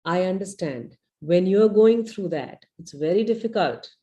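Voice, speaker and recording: Teaching a live webinar, this middle-aged woman coaches parents with earnest guidance through a visualization, often adding "you know" and "right?" to check in. She has a low, dark-toned voice, expressive and measured in pace.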